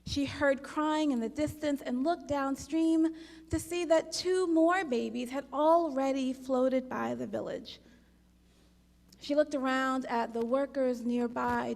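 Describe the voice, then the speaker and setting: Slow high-voiced woman telling a parable. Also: steady tone, creaky, darkish tone. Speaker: worship leader. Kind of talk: parable storytelling in a service. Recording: long hall reverb.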